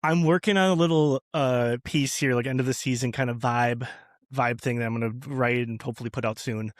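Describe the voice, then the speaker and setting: A man's voice: mid-range voice, fairly even intonation, fairly quick, no room sound. Rambly guy guesting on a podcast, lots of ums and restarts, laughs a bunch, dry close sound. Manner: rambling storyteller, frequent fillers and restarts, laughs often. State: new father. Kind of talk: casual podcast chat.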